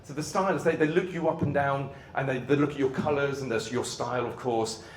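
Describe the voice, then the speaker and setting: A man giving a motivational keynote talk, telling his story dramatically with bursts of shouting in a large venue. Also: mid-range voice, steady tone, brisk, far from the mic, slight background noise. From Great Britain. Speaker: motivational speaker. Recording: echoey venue hall.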